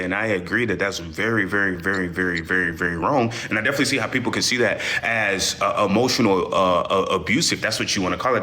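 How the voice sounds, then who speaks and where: A young man speaking as an interview guest, defending himself in casual talk with animated delivery and stumbling restarts. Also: lowish voice. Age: young adult.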